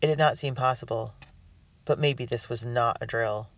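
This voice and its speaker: A man narrating a storybook in the first person with an earnest, expressive delivery. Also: medium pitch, moderate pace, dry recording. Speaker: audiobook reader. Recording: dry, distant mic.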